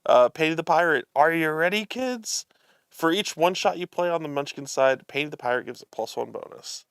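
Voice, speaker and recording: A man's voice: on the high side, fairly quick, gravelly, fairly bright tone, clean tone, no room sound, studio quality. A man hosting a live show, chatting casually as he unboxes a card game and reads the cards aloud, amused and chuckling often.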